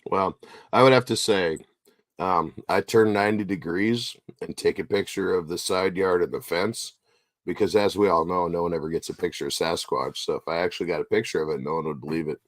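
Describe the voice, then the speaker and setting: A man co-hosting a casual podcast, cracking deadpan jokes. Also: sits low, a little fast, no room sound, clean studio sound. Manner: joking, deadpan wisecracks. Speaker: podcast co-host.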